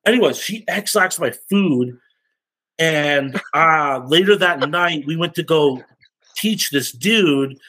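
A podcast guest telling stories in a casual, animated, slangy way, often laughing. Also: male voice, fairly high pitch, takes it slowly, rough recording. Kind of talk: casual storytelling.

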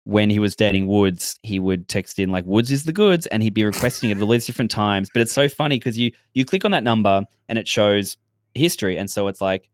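A man's voice: fairly low pitch, brisk, dry recording, clean studio sound. A young adult man, a radio host, chatting loosely and frankly with a fair bit of swearing. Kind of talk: casual podcast chat.

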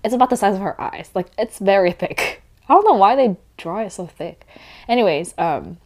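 A young woman hosting a casual podcast, congested, rambling and correcting herself, often dropping to quiet asides. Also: medium pitch, animated, moderate pace. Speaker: podcast host. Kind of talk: casual chat recap.

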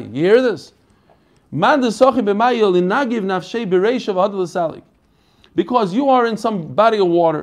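A man teaching an online Talmud class in a casual, chatty way, asking questions and answering them himself. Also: high-pitched.

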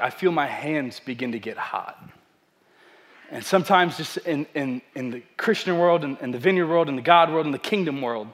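A young man, a pastor, preaching a sermon with animated storytelling and self-deprecating humor. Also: fairly high pitch.

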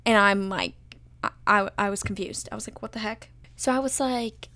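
A woman's voice: medium pitch, moderate pace, dry recording. A young woman telling a personal story in a casual, gushing way, with lots of "like" and "oh my gosh.". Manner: gushing, animated, full of "like" and "oh my gosh". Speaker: vlogger telling her proposal story.

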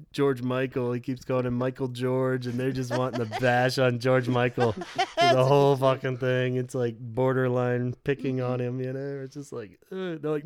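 A man's voice: medium pitch, clear, resonant tone, no room sound, studio quality. A man co-hosting a podcast in casual chat, rambling and swearing, with lots of filler "like". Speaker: podcast co-host.

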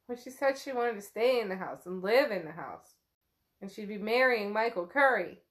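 A woman's voice: mid-range voice, lively intonation, moderate pace. A woman co-hosting a book podcast, retelling the chapter in a loose, chatty way, laughing often and swearing now and then. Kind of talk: casual book recap chat.

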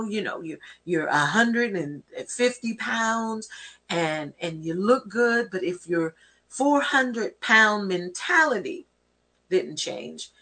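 A woman's voice: medium pitch, a bit bright. A woman hosting a show, giving an encouraging, preachy talk that quotes scripture. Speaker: host. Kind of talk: inspirational talk.

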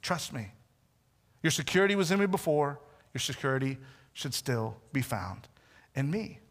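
A man preaching a sermon who acts out the voices in the story he retells, often dropping to a soft, close tone. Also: medium pitch, lively intonation, normal speed, big-room sound. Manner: acts out quoted voices, drops to soft intimate tones.

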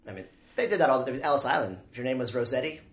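A speaker in casual podcast chat, making lively joking interjections. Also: medium pitch, rapid-fire, reverberant.

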